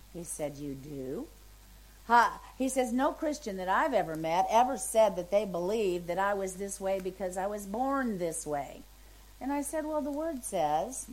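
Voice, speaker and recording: A woman's voice: mid-range voice, poor audio. A woman in her seventies, a minister, telling an emotional testimony story and voicing the people in it. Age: 70s. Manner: emotional, animated storytelling with quoted voices.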